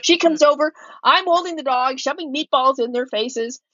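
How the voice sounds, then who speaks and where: Podcast co-host, woman, higher voice, a bit dull on the mic, storyteller. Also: moderate pace, dry recording. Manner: animated storyteller, acts out her own yelling. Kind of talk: casual storytelling chat.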